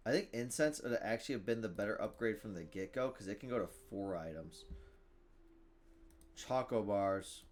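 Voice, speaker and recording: Excitable man thinking aloud while gaming. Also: on the low side, moderate pace, slight background noise. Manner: excitable, thinks aloud, reads card text aloud, bursts into loud cheers. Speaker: gameplay streamer. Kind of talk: live gameplay commentary.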